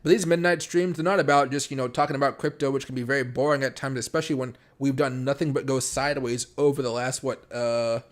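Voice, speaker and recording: A man's voice: medium pitch, fairly even intonation. Rambling male crypto streamer. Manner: rambling, fast-talking with many fillers and restarts. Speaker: crypto live-stream host. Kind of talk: casual late-night live stream. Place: home room.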